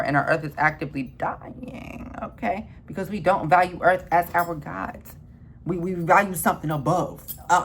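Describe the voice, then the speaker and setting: There is slight background noise as a woman rants with passion and curses, repeating herself while she swings from shouting outbursts down to low mutters.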